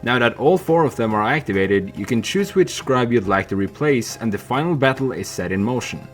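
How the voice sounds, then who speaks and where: A young man narrating a video essay in a candid, animated way that includes swearing. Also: mid-range voice, fairly quick, soft background music.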